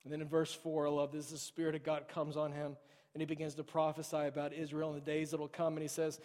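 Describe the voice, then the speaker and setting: A man's voice: a little high, monotone, fast. Man preaching in a reverberant church. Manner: swings from loud, urgent preaching to hushed near-whispers. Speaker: pastor. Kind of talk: sermon. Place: church sanctuary. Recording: long hall reverb.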